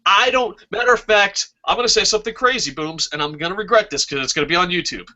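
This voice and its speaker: A man's voice: high-pitched, fast. A man hosting a wrestling talk stream, ranting casually with lots of swearing. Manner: profane, ranting, excitable. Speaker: wrestling talk show host. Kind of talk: casual live-stream chat. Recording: dull lo-fi stream audio.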